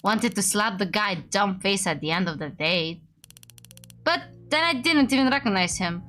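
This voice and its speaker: A woman's voice: medium pitch, expressive, normal speed, bright, forceful tone. A woman voicing a drunk, short-tempered female homicide detective who talks bluntly and swears. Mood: bitter.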